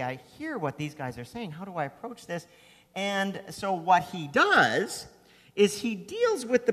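A man delivers a sermon in a conversational storytelling way, with asides to his listeners. His voice sits high and swings widely in pitch. The sound carries a long reverb, as from a church hall. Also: fairly bright tone. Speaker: preacher.

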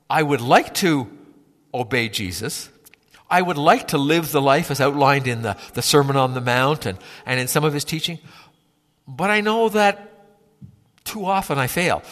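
A man preaching a sermon in a conversational, halting way, often repeating words as he gathers his thoughts. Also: fairly high pitch, animated, a bit bright, long reverb tail. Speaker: pastor.

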